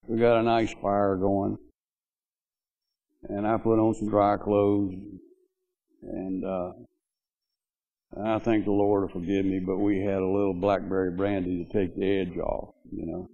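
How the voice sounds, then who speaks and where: A deep, creaky-voiced older man speaks a little slowly, with little pitch movement and long pauses, his tone mellow. He's addressing mourners at a memorial gathering, offering a rambling eulogy of folksy stories about an old friend, heavy on "you know." The audio is dull.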